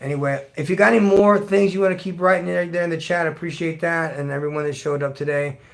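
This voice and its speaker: A man's voice: on the high side, fairly even intonation, fast, vocal fry. A middle-aged man hosting a live stream, ranting bluntly to his chat and swearing constantly. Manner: blunt, heavily profane, ranting. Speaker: livestream host. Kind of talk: profane rant to live chat.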